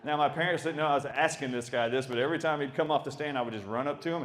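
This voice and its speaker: A middle-aged man tells his own stories as a doctor giving a talk. He speaks with emphatic, animated energy and often laughs along the way. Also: a little high, very fast. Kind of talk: storytelling talk.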